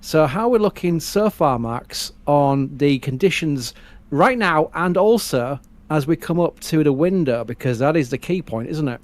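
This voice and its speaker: Northern English man, fairly high voice, chatty live-stream co-host, rambling and laughing easily. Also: animated, unhurried. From northern England. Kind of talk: casual live-stream commentary.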